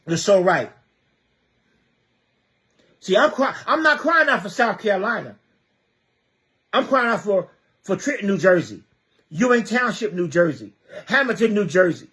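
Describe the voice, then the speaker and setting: A man giving an impassioned livestream monologue, firing rhetorical questions, repeating himself and stammering as he reads viewer comments. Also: high voice. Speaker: livestreamer speaking on community youth programs.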